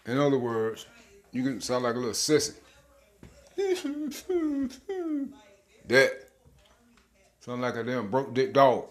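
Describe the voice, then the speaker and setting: A man's voice: medium pitch, a bit bright. Emphatic, slangy male bible teacher. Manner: emphatic, slangy, chuckling, repeats words. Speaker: bible teacher making videos. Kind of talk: informal scripture teaching.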